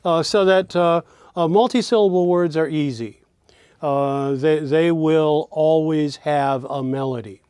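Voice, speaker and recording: Male teacher, slightly high voice, unhurried and demonstrative, repeats example words, dry close sound. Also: a little mellow, clear, resonant tone, no echo. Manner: slow, demonstrative, repeats words to show their melody. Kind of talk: recorded lesson.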